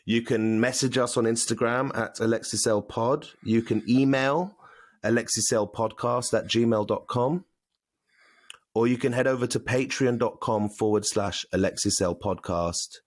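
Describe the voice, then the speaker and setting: A man's voice: mid-range voice, a little slow, no room sound. A man co-hosting a podcast, chatting casually and reading out plugs and notices. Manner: chatty, reads plugs and notices aloud with fillers. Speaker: podcast co-host. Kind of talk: casual chat.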